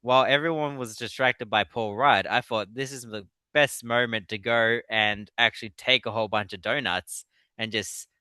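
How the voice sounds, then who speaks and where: A man, a guest author in a casual interview, telling animated stories and laughing often. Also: medium pitch, normal speed, clean tone, no echo. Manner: animated storyteller.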